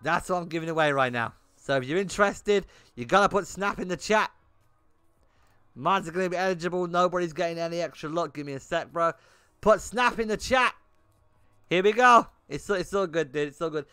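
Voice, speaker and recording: A man's voice: high-pitched, fairly quick, bright, forceful tone, clear, resonant tone, no room sound. A young man streaming a game, chatting bluntly with his viewers and swearing often. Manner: blunt and swearing, talking to chat in bursts. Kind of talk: casual livestream chat while gaming.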